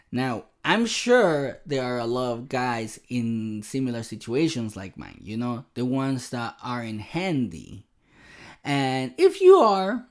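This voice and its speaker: Guy on his podcast telling a funny story, voice jumps all over, laughs at himself. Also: mid-range voice. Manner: animated, expressive, self-deprecating. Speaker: podcast host. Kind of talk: casual storytelling monologue.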